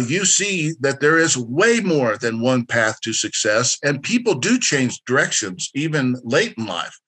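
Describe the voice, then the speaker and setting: Man, workshop presenter, bright voice, direct, instructive, encouraging. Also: medium pitch. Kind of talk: interactive workshop lecture.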